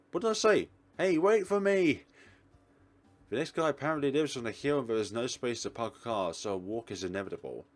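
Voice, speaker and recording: A man hosting a let's play, reading a visual novel aloud with sarcastic, exasperated asides. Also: sits low.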